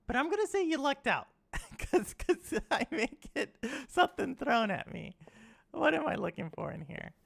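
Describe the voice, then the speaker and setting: Woman game streamer, rambling chatty talk full of "like", lively pitch, gravelly edge. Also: normal speed. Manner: chatty, rambling, lots of "like", teasing chat. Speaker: gaming streamer. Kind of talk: casual gameplay chat.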